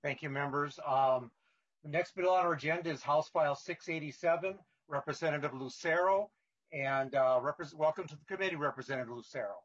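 Husky-voiced man chairing a hearing. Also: on the high side, a little fast, muffled recording. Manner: procedural, with fillers. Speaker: committee chair.

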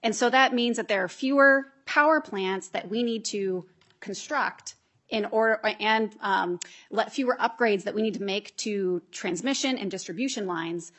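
A woman's voice: mid-range voice, normal speed, a bit bright. A woman legislator giving explanatory committee testimony, with frequent restarts and fillers. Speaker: state legislator.

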